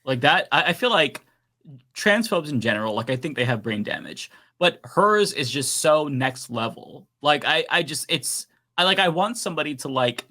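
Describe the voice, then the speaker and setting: A man's voice: mid-range voice, sharp tone. A man co-hosting a casual political chat show, ranting animatedly with swearing and laughter. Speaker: podcast co-host.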